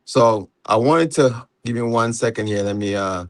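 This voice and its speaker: A Jamaican man hosts a relaxed live chat with an easygoing, conversational flow. His voice sits at an ordinary mid pitch and sounds close and dry, with no room around it. He keeps circling back with "you know" and laughs readily. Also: normal speed, no echo. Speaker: host. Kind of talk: casual live panel chat.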